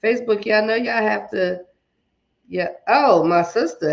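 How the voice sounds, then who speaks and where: Gravelly, slow-talking woman hosting a livestream. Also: medium pitch, lo-fi sound. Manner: chatty, greets viewers one by one. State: shaky voice. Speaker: livestream host. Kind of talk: casual livestream chat with viewers. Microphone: iPad and phone at arm's length.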